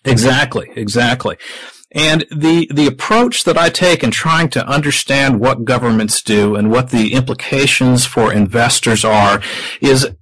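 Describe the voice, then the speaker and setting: A man speaks as a podcast guest in a husky voice with a dry, close sound. He explains at a measured pace and keeps putting rhetorical questions to the host. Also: mid-range voice, fairly bright tone, dry recording, low-quality recording. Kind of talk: explanatory interview talk.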